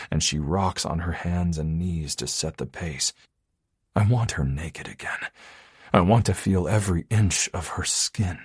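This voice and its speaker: Male narrator for a first-person romance audiobook, very deep and husky, with an intimate, measured read. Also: no echo, studio quality.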